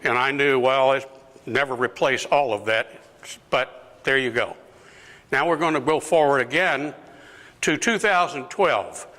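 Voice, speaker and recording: An older deacon speaks slowly to a gathered parish group, his voice bright and forceful. He acts out quoted exchanges, pushing the quoted lines up toward shouts. The sound carries a long reverb from a parish hall. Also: medium pitch. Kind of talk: talk to a parish lunch group.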